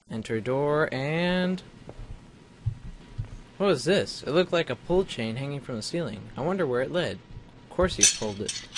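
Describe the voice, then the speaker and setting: A mid-pitched man with a slight lisp talks through a game into a home desk mic. He reads the game's text aloud in a casual way, stumbling and correcting himself, with wry little asides. A faint hiss sits under his voice. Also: rough recording. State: slight lisp from a mouth sore. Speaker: let's play host.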